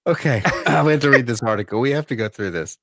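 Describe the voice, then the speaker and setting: A man co-hosting a casual comedy podcast, giggly and quick with incredulous reactions. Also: medium pitch, expressive, vocal fry, dry recording, studio quality. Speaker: podcast co-host.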